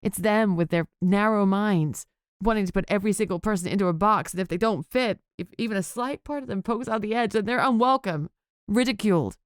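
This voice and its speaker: A woman's voice: mid-range voice, brisk, clean tone, dry recording, studio quality, voice pushed up, close to an everyday voice. A woman voicing a grieving schoolteacher in an audiobook, shaky, tearful and bitter. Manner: bitter, raised, emotional pleading. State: crying, voice shaking.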